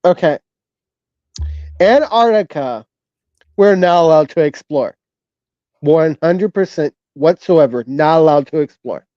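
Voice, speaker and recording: A man co-hosting a casual online chat show, talking in a hesitant, halting way with many fillers and restarts. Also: on the high side, dark tone, no echo, lo-fi sound. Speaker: co-host.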